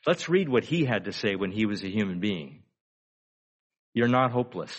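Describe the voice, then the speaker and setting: A man's voice: fairly low pitch, lively intonation, moderate pace, slightly rough. An older man delivering a sermon in an easygoing, conversational way. He poses frequent rhetorical questions and stretches out key phrases for emphasis. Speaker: pastor.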